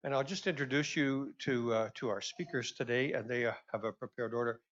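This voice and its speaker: A man's voice: mid-range voice, fairly quick, a bit bright. A man moderating a convention session, chatty and courteous as he welcomes people and repeats his announcements. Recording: dull lo-fi sound.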